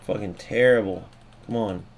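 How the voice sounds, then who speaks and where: A man's voice: on the low side, normal speed, vocal fry. A young man streaming a football video game, commenting live, swearing and ranting about glitches. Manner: excitable, swears, rants at the game. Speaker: gaming streamer.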